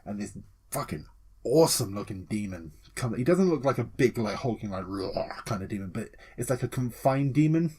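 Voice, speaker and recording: A man co-hosting a casual gaming podcast, excitable and swearing freely, acting out scenes with yelps and laughter. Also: medium pitch, moderate pace, slightly rough. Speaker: podcast co-host.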